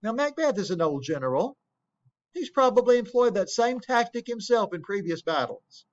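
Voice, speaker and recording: A man's voice: high voice, sing-song, moderate pace. A man teaching a play, explaining scenes plainly, asking rhetorical questions and reading quotations aloud. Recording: dull lo-fi recording.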